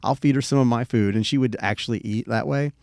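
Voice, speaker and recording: Speaking fast in a gravelly, somewhat dark medium-pitched voice, this middle-aged man co-hosts a podcast and rambles easily through a personal story with plenty of swearing. The recording is dry and studio-clean.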